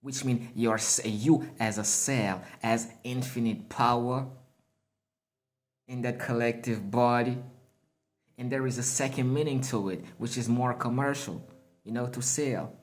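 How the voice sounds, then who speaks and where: A man talking straight at the listener in a loose, freewheeling motivational monologue. His speech is emphatic and crude, heavy with swearing and street slang, and he chuckles at his own phrasing. His voice sits at an ordinary middle pitch. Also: fairly even intonation, unhurried. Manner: emphatic, profane slang, laughs at himself. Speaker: motivational speaker.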